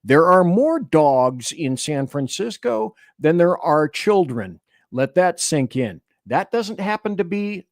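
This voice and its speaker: A man's voice: a little high, sing-song, a little slow, no room sound, clean studio sound. Emphatic male political radio host. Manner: emphatic, opinionated, reads articles and chat aloud. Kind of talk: political commentary.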